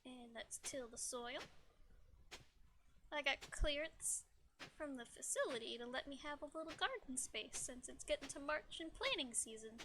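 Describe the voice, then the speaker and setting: A young woman streaming a farming game, chatting softly and slowly with playful mumbled asides. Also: high voice, lively intonation, slight background noise. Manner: soft, slow and playful, with little mumbled asides. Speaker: VTuber streamer. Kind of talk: casual gameplay chat.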